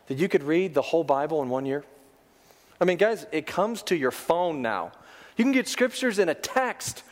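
A man's voice: on the high side, long reverb tail. A male pastor preaching a sermon, building to emphatic exhortations.

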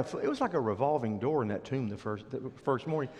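A male pastor telling a story in a sermon, dramatic, swinging from loud bursts to hushed lines. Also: medium pitch, expressive, fast talker, few pauses, big-room sound.

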